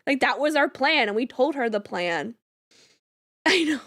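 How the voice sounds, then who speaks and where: A woman's voice: high-pitched, a little slow, dry recording, clean studio sound. A young woman streamer telling a rambling story in casual chat, full of "like" fillers. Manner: rambling, animated, lots of "like" fillers, laughs while telling. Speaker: game streamer.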